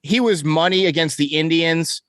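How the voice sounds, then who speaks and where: A man's voice: fairly high pitch, normal speed, fairly bright tone, no echo, studio quality. A man hosting a casual sports podcast, reeling off stats and correcting himself as he goes. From New York. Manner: stat-heavy, enthusiastic, self-correcting. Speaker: podcast host.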